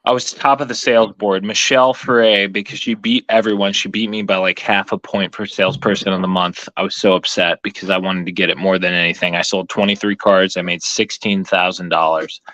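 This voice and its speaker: A man co-hosting a casual live chat, telling stories in an animated, profane way with lots of laughter. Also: sits low, a little fast, few pauses, no room sound, poor audio. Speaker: co-host.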